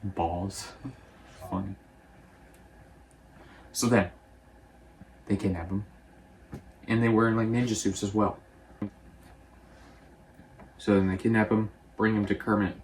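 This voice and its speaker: Young male reviewer, low voice, offhand rambling recap style. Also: fairly even intonation, slight background noise. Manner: rambling, offhand, quotes characters in quick voices. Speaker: movie reviewer. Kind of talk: casual movie recap.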